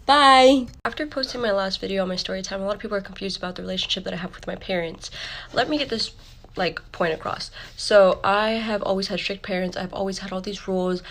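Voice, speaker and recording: A woman's voice: mid-range voice, steady tone, fast. A young adult woman telling a personal story in a casual, candid way, swearing freely and quoting people as she goes. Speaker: storytime creator.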